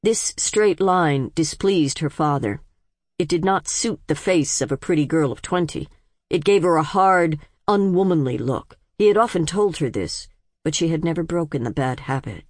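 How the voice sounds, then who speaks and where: A woman narrating a novel in an even, measured storytelling manner. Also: low voice, dry recording, clean studio sound. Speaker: audiobook narrator. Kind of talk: scripted narration.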